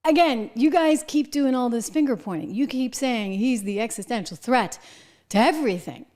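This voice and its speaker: A middle-aged woman hosting a political commentary show, talking in an animated, sarcastic way with mocking asides. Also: fairly high pitch, moderate pace.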